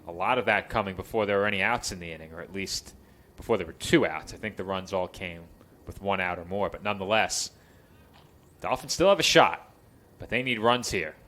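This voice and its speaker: Man, play-by-play announcer, college baseball, low-ish pitch, bright, chatty, lifts for plays. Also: quick pace. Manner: chatty, lifts his voice for game action.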